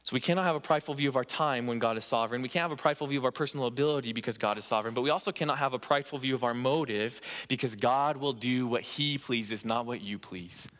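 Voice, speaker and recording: A man's voice: medium pitch, rapid-fire, few pauses, fairly bright tone. A man preaching a sermon in a church, earnest and emphatic, repeating phrases for stress. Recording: echoey church hall reverb.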